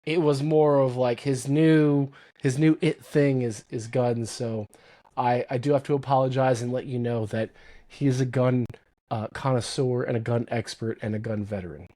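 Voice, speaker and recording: A man hosting a podcast, telling stories in casual chat and quoting others in lively voices. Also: medium pitch, normal speed. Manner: animated storyteller, quotes others in lively voices. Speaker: podcast host.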